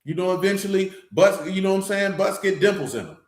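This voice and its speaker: In an echoey room, a man with a high, expressive voice talks at a quick pace as the teacher of a scripture study assembly. His teaching is loose, blunt and streetwise, delivered conversationally with a constant "you know what I'm saying."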